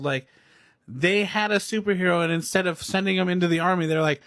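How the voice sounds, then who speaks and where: A man's voice: sits high, fast talker, no room sound, studio quality. A young man ranting casually about a movie, rambling and laughing as he talks. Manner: excitable, rambling, laughs often. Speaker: movie reviewer. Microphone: recorded on phone or camera, self-filmed.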